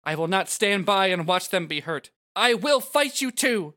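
A man's voice: high voice, lively intonation, moderate pace, sharp tone, pitched above the performer's own voice. A man voicing an earnest young summoner girl. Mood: resolute. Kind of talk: reading a game script aloud.

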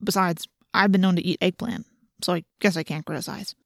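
A woman reading as a wisecracking teenage boy who mutters a grudging apology, in a lower, quieter voice than her own. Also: steady tone, fairly quick, gravelly, no echo, studio quality.

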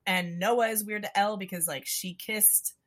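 A woman recapping a movie in casual chat, animated and swearing often, acting out the characters' lines as she goes. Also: mid-range voice, normal speed.

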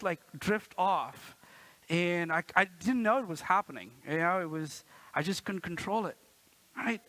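A man in his thirties delivers a sermon with a bright, ringing tone and a fairly high voice. He keeps it conversational and playful, checking in with the congregation as he goes. The sound is close and dry. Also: vocal fry, dry recording, rough recording. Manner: playful, acts out quotes with a raised voice. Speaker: pastor. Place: church.

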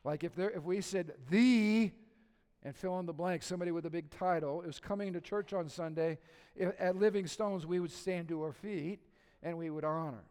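A middle-aged male pastor preaching a conversational sermon, asking the congregation questions and joking, dropping to a hush and then rising to loud emphasis. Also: fairly high pitch, steady tone, brisk, clear, resonant tone. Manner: swings from soft and hushed to loud and emphatic. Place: church sanctuary. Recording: long reverb of a church hall.

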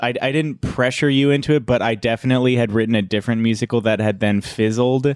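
A man co-hosting a podcast, talking in halting, self-deprecating casual chat. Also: mid-range voice, fairly even intonation, darkish tone, no echo, studio quality. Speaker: podcast co-host.

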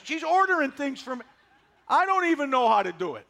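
A man in his sixties preaching a sermon, folksy and animated, driving points home with repetition. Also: extremely high pitch, moderate pace, gravelly. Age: 60s. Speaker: pastor.

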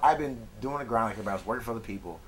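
A man talks quickly and candidly as a podcast guest, his voice sitting a bit low. The sound of a crowd runs clearly underneath him. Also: expressive, poor audio. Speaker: guest filmmaker. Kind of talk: casual chat.

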